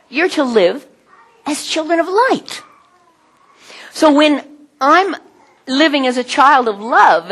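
A middle-aged woman, giving a sermon with personal stories in a chatty, animated way and often laughing. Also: high-pitched, slightly rough.

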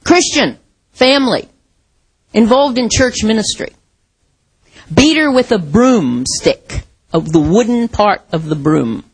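A woman's voice: mid-range voice, expressive, slow, long pauses, breathy edge, low-quality recording. A woman pastor preaching a sermon in an earnest, heartfelt storytelling manner.

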